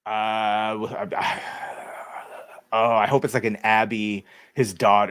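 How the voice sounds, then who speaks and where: A man's voice: lowish voice, little pitch movement, measured pace, fairly bright tone, no echo. A man co-hosting a casual podcast chat, ranting sarcastically and swearing freely. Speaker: co-host.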